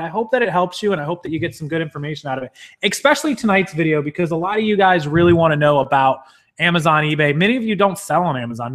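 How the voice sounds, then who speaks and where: A man's voice: high voice, a bit bright. A man hosting a live stream, upbeat, greeting viewers one by one from the chat before getting into his topic. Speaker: YouTube live-stream host.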